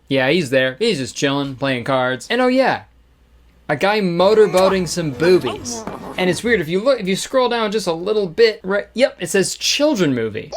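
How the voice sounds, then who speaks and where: A man hosting comedic movie commentary, irreverent and joking, often laughing. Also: a little high. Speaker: commentary host.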